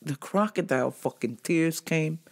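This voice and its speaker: Low-pitched and speaking at a normal speed, this podcast host swears her way through a casual solo rant. She tells her stories in a lively, animated way.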